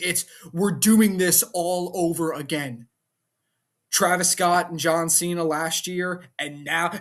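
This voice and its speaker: A man reviewing a wrestling show in a casual vlog, ranting in an animated, exasperated way and firing off rhetorical questions. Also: sits high.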